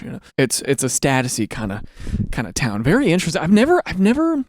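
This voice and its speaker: A man's voice: high-pitched, sing-song, fast, dry recording, studio quality. A man hosting a casual comedic chat, reacting to reader stories and acting out quotes in exaggerated voices. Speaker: host.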